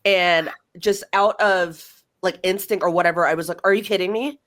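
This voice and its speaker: On her podcast, a young woman recounts something that happened to her, animatedly performing the quoted lines as she goes. She talks at a moderate pace in a voice that sits on the low side.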